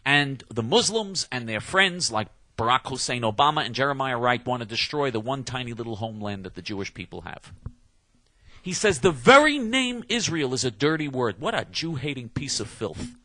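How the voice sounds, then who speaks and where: A man's voice: medium pitch, sing-song, normal speed, sharp tone. A man delivering a heated, combative monologue rant, emphatic and stumbling over repeated restarts. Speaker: political commentator.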